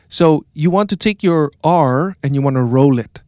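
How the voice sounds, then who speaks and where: A man's voice: fairly high pitch, normal speed, few pauses, darkish tone, no echo, clean studio sound. A man from South Africa teaching a group a song, coaching them through call-and-response lines and chanting phrases to the beat. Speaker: music teacher.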